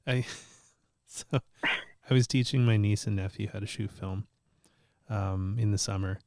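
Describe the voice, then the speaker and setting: A man's voice: fairly low pitch, a little slow, creaky, no room sound, studio quality. A man hosting a casual chat show, telling stories with lots of laughter and the odd curse. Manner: animated storyteller, swears, laughs often. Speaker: podcast host.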